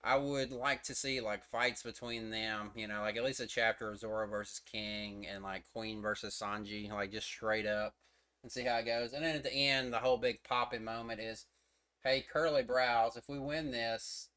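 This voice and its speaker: Bright, rambling, foul-mouthed man. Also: fairly low pitch, level tone, moderate pace, clear, resonant tone. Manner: profane, rambling, full of fillers. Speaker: manga chapter reviewer. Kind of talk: casual streamed commentary. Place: his own room.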